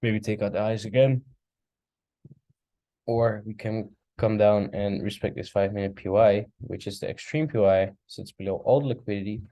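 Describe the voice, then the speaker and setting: Steady and mellow at a moderate pace, a lowish-voiced man recaps the forex charts in a casual screen-share, thinking aloud and yawning occasionally. The desk-mic recording is dry.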